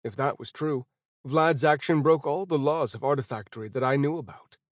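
A man's voice: mid-range voice, moderate pace, no echo. Male audiobook narrator, dry close sound. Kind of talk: first-person fantasy audiobook narration.

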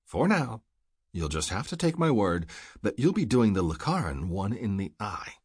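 A man reading a brisk government recruiter who coaxes and presses a reluctant agent, in a husky voice. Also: lowish voice, very animated, dry recording, studio quality. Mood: coaxing. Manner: brisk, smoothly persuasive.

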